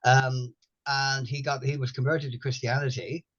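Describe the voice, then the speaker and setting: A man's voice: mid-range voice, level tone, normal speed, fairly bright tone. An older man hosting a casual chat, rambling and repeating himself with wry humor. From Ireland. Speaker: host. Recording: dull lo-fi sound.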